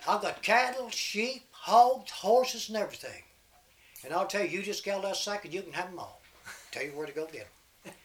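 A man's voice: high voice, lively intonation, normal speed, a little hiss or hum. An older man voicing a weary, wealthy farmer eagerly pleading in a folk tale.

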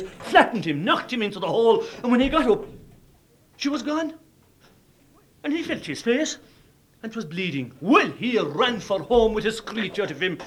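A man with an Irish accent telling a traditional folk tale in a lively, dramatic way. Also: high-pitched. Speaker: storyteller.

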